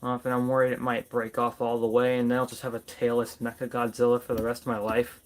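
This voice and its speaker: A man's voice: medium pitch, monotone, fast talker. A man doing a casual toy review vlog, playfully chatting to his figures as if they were people.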